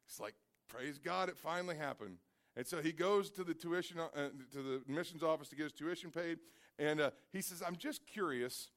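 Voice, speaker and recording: A man preaching a sermon, telling stories and acting out their characters with loud, high-pitched cries, often repeating and restarting his words.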